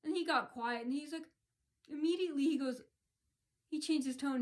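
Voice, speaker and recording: A woman's voice: sits high, moderate pace, pauses often. A woman in a casual complaint vlog, telling her story in an indignant, rambling way with many restarts. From United States. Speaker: vlogger.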